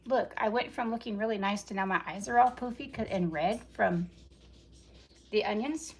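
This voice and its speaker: A woman chats away to her viewers during a live cook-along in her home kitchen, rambling from one aside to the next. Her voice has a gravelly, fry-edged texture. Loud chopping and kitchen clatter run under her talk. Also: mid-range voice, normal speed, slight background noise. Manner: rambling, chatty, talks straight to viewers. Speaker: cooking vlogger. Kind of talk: casual live cooking chat.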